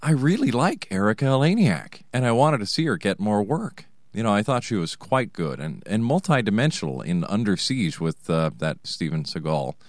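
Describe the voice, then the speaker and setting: A man's voice: low-pitched, dry recording, clean studio sound. An American man with a wry, sarcastic, digressive manner, telling a comic personal story. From United States. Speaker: narrator, host.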